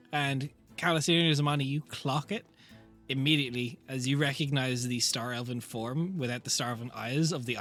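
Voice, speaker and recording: A man's voice: mid-range voice, fairly bright tone. A man narrating as game master of a tabletop role-playing game, casual and chatty, with fillers and laughs.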